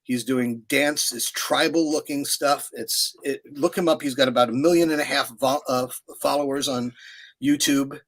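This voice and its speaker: A man in his sixties talks loosely in an interview. His stories wander and restart, full of fillers, yet stay animated throughout. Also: medium pitch, normal speed. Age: 60s. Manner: rambling, animated storyteller with many fillers. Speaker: puppeteer guest. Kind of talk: casual interview chat.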